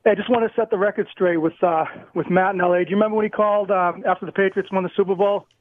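A man's voice: high-pitched, steady tone, very fast, no room sound. Eager male caller on a tinny phone line. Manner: eager, rambling.

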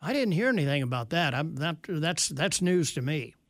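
Wry, high-voiced radio host. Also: male voice, lively intonation, normal speed, no echo, clean studio sound. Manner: wry, sarcastic asides. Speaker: radio talk show host. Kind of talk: talk radio, reading listener texts.

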